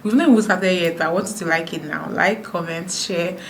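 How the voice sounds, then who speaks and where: A woman from Nigeria talking fast to camera in a sit-down vlog, with frequent restarts. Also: on the low side, gravelly, slight background noise. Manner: talks fast, many restarts. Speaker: YouTuber. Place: indoors, sit-down video.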